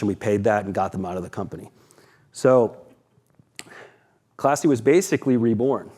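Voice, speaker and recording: Candid, swearing founder from on stage. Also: male voice, lowish voice, normal speed, pauses often, dark tone, breathy edge. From Boston, USA. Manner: candid, profane, dramatic storytelling with acted quotes. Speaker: keynote speaker, company founder. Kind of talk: conference keynote storytelling. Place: conference stage.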